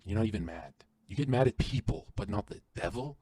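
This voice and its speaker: A man guesting on a podcast, delivering an intense, profane motivational rant that swings from loud to hushed. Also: mid-range voice, sing-song, quick pace, few pauses, no room sound.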